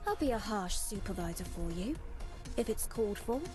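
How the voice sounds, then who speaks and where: A woman's voice: medium pitch, lively intonation, moderate pace, music in the background, close to an everyday voice. An actress voicing a stern young female bodyguard in a game, speaking with a London accent in a curt, firm way. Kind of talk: game voice line.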